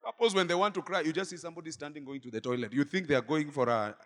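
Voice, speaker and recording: A male pastor preaching a sermon in church, swinging from shouted exhortation to quiet asides. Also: a little high, racing, big-room sound. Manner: dramatic, swings between shouting and murmuring asides.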